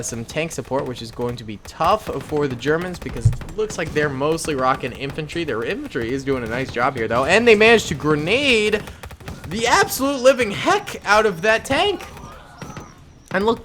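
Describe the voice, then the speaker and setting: A young man giving casual commentary on a war game he is playing, excitable and quick to exclaim and laugh, trailing off low when he muses. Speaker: gaming YouTuber.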